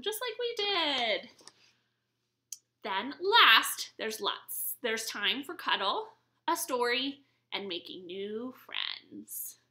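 An American woman librarian in her young adult years reading a story at baby storytime, sing-song and animated. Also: on the high side, slow pace. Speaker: children's librarian. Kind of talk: baby storytime read-aloud.

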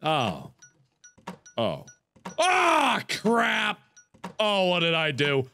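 A young man giving let's-play game commentary, swinging from muttered asides to panicked yelling. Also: on the high side, wildly swooping pitch, extremely slow, long pauses, slight background noise. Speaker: gaming video host.

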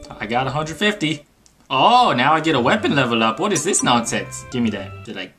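A man doing let's play game commentary, reading instructions aloud with sarcastic asides and breaking into panicky yelps and rapid exclamations. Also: mid-range voice, very animated, sharp tone. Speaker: gaming channel host. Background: game music.

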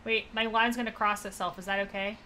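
A woman's voice: medium pitch, fairly even intonation, fairly quick, background noise. A young woman casually thinking aloud and joking sarcastically with her chat while she streams a puzzle game. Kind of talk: casual let's-play commentary to chat.

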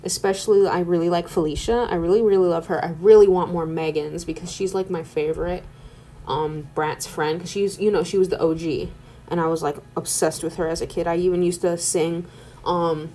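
A young woman who makes art videos rambles briskly in a casual at-home voice-over, her lowish, mellow voice keeping a steady tone. She's chatty and scattered, saying "like" constantly, over faint background music.

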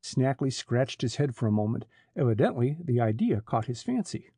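A man narrating an adventure audiobook in an expressive reading style. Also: mid-range voice, moderate pace, breathy edge, no room sound. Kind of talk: scripted narration.

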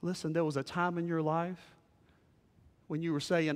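A man preaching a sermon as pastor, shifting from hushed lines to loud, excited ones. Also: on the high side, moderate pace. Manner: animated, swings from hushed to shouting. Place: church sanctuary. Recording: long hall reverb.

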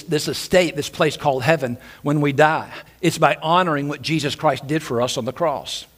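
A male pastor preaching a sermon in a church, animated and repeating his phrases, now and then acting out loud shouted quotes. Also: a little high. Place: church sanctuary.

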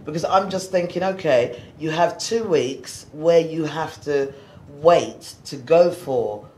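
A man's voice: a little high, takes it slowly, darkish tone. A man interviewing a guest, talking conversationally and often ending on tag questions. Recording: roomy echo with faint noise.

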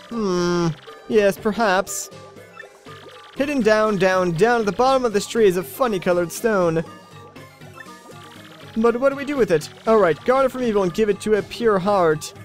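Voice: medium pitch, close to an everyday voice. A gamer voicing a grumpy, bossy old female tree-creature elder while reading a video game's dialogue aloud, in a scolding, impatient, folksy manner. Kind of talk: Let's Play dialogue reading.

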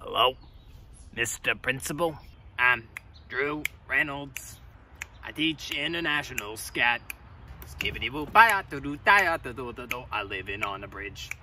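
A young man playing an eccentric, erratic scat-singing teacher in an improvised mockumentary, lurching between shouting and muttering. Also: medium pitch, measured pace, lightly acted. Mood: manic. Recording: distant mic with background noise.

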